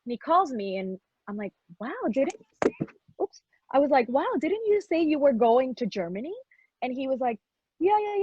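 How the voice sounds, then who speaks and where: A young adult woman telling a personal story in an animated way, acting out the other people's lines and mixing in Spanish words. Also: a little high, husky, no echo, dull audio. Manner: lively, acts out quoted voices, mixes in Spanish words.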